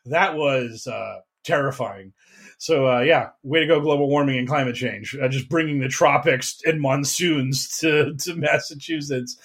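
A man hosting a casual podcast chat, animated and mocking, slipping into quick impressions of other people. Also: medium pitch, breathy edge. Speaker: podcast host.

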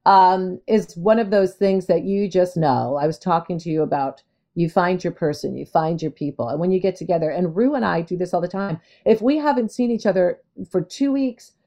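A woman in her fifties, a guest in casual chat, brassy and playful and quick to laugh. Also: on the low side, warm tone.

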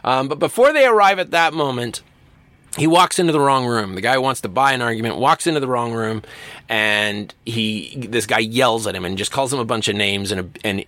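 A man's voice: mid-range voice, fairly quick, no echo. A man teaching a university writing class in a recorded lecture, talking casually and acting out quoted voices. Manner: animated, acts out quoted voices. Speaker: university English instructor.

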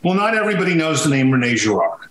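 Animated, emphatic man with roomy echo. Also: a little high, fast talker. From Sicily. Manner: animated, emphatic storytelling with frequent restarts. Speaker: guest. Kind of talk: conversational podcast interview.

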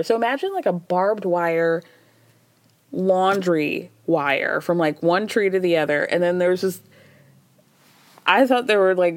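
A woman's voice: lowish voice, a little mellow, no room sound. A woman hosting a podcast, giving a chatty, sarcastic recap of a reality show and acting out the cast's lines in playful voices. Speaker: podcast host.

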